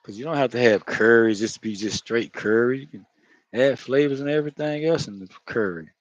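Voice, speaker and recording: A home cook with a Florida accent talks loosely through a casual cooking vlog, rambling, laughing and swearing as he works. He speaks fairly quickly at medium pitch, and the recording is muffled.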